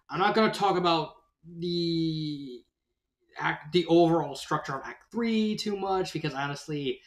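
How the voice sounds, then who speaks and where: A man's voice: on the high side, fairly bright tone. Rambling man with an echoey sound. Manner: rambling, self-correcting, lots of "like". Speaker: fan fiction reviewer. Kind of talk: casual spoken review.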